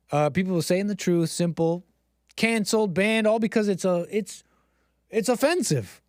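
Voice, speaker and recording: A man's voice: a little high, a little mellow, no room sound, clean studio sound. A man hosting a casual livestream, rambling and sarcastic, mocking others with exaggerated gasps. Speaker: livestream host.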